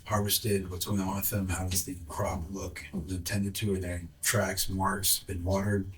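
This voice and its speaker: A man's voice: low voice, little pitch movement, normal speed, rough recording. A man playing in a tabletop role-play game, speaking cautiously in character and listing details. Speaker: player.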